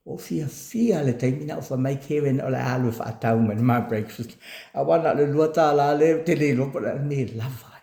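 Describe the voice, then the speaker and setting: A man telling a lively motivational story about not giving up, switching between English and another language and acting out what others said. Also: medium pitch, moderate pace, vocal fry, roomy sound. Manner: animated, switches between English and Samoan, acts out quotes.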